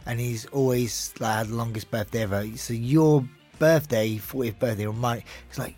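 A man co-hosts a podcast, mumbling and letting his words tumble out as they chat. His voice sits at a middling pitch. Faint music plays softly behind him. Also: moderate pace, few pauses. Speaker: podcast co-host. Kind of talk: casual chat.

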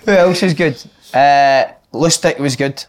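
A Scottish man in his thirties telling stories on a podcast, swearing and laughing with friends. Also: fairly high pitch. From Scotland. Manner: swearing, laughing storyteller, quick banter. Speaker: podcast co-host, ex-footballer. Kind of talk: casual chat, storytelling.

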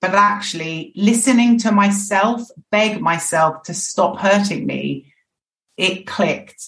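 A woman's voice: mid-range voice, slow pace, creaky, a bit bright. Woman guest opening up on a podcast, restarts her sentences a lot, sounds far off and roomy. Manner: frank, reflective, restarts phrases often. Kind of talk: candid podcast conversation. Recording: echoey, distant mic.

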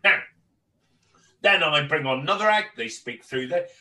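Northern Irish man, bright, a bit off-mic. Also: on the high side, animated, normal speed, distant mic, rough recording. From Northern Ireland. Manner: rambling, stammering restarts, swears freely. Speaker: guest comedian. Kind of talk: casual podcast chat.

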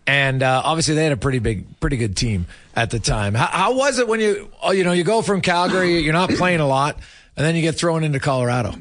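A man hosting a sports radio show, brisk and dotted with "uh" fillers. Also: fairly high pitch, lively intonation, fairly bright tone, no room sound, studio quality.

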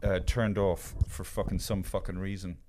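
A man's voice: sits low, level tone, moderate pace, mellow, a little hiss or hum. A man in his fifties hosting a podcast in a studio, rambling through stories with a lot of swearing and self-mockery. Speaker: podcast host. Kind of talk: casual podcast chat.

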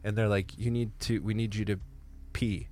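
A man's voice: lowish voice, level tone, moderate pace, mellow, slight background noise. A man co-hosting a podcast, telling a profane childhood story casually and acting out the people in it. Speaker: podcast co-host.

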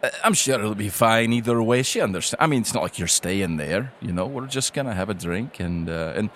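A fretful dwarf king and doting father, played by a man, hesitant and stumbling over his words in a tabletop game. The voice sits low. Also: animated, fairly quick, fairly bright tone, a little hiss or hum. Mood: friendly. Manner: hesitant, full of ums and uhs.

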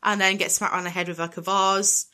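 A woman's voice: medium pitch, little pitch movement, fast talker, bright, forceful tone. A woman recapping a film in casual chat, chatty and giggly with exasperated asides. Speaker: podcast co-host recapping a film.

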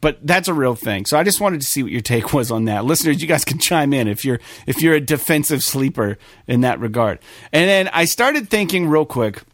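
A young adult man hosting a podcast, telling a story in a loose, swearing, animated way with many fillers. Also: mid-range voice, fairly quick, dry recording, studio quality. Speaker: podcast host. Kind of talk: casual podcast chat.

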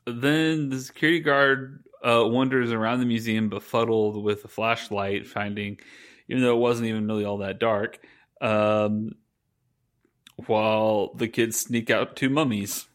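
A man's voice: on the low side, steady tone, a little slow. A man co-hosting a podcast, making wry joking asides in casual chat about a movie. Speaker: podcast co-host.

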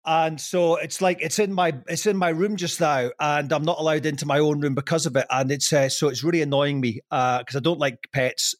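A man's voice: on the high side, steady tone, brisk, hardly any pauses, no echo. Laughing man, dry close mic. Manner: rambling, self-deprecating, laughs often. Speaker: podcast guest. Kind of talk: casual podcast chat.

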